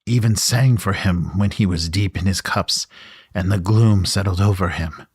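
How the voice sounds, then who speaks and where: A man's voice: low-pitched, normal speed, husky, dry recording, studio quality. A man voicing a whiny, cowardly male troll servant in a tabletop adventure, grumbling and complaining. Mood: whining. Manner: whining, grumbling.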